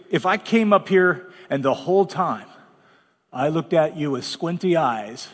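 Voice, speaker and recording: A man's voice: fairly high pitch, animated, moderate pace, long reverb tail. A man preaching as pastor, talking bluntly and conversationally with dramatic asides. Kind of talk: sermon. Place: large church hall.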